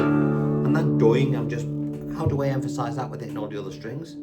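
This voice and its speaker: A man's voice: medium pitch, brisk. A man teaching guitar casually, scatting rhythm syllables aloud while he plays. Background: acoustic guitar playing.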